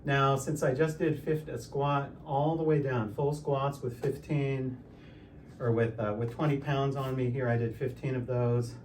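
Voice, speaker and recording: A man in his sixties talks casually through his home workout, explaining each step in a relaxed, unhurried way with plenty of small fillers. His voice sits at an ordinary middle pitch. He stands a little away from the microphone, and a faint hum of room noise sits underneath. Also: far from the mic. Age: 60s. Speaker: fitness vlogger. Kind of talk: casual talk while exercising.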